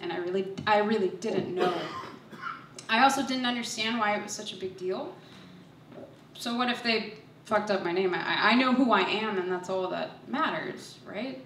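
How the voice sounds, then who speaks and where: A woman's voice: medium pitch, fairly bright tone, a little hiss or hum. A young woman telling a personal story on stage, nervous and self-deprecating, laughing through her lines. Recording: echoey hall, voice from far off.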